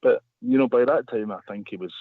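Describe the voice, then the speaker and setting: A man's voice: mid-range voice, a little fast, no room sound. A man telling a long story as a radio guest, rambling with many restarts. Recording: phone line.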